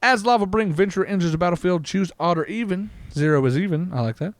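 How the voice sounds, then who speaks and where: A man hosting a casual card-opening vlog, reading card text aloud in an excitable way, with frequent "uh"s and laughs. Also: high-pitched, fast talker, no echo. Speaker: card-opening channel host.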